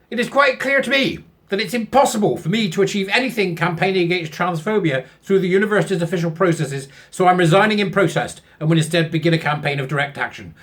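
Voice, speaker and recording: A man's voice: high voice, animated, moderate pace, bright, forceful tone. A man, reading out a news article and mocking it sarcastically, laughing often at his own jokes. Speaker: commentary channel host.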